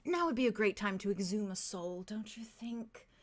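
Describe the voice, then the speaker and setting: A woman's voice: mid-range voice, moderate pace, husky. Lady doing a creepy whispery possessed tall guy, gritted teeth, whispered role-play. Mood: coaxing. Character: tall possessed man, wicked smirking, menacing.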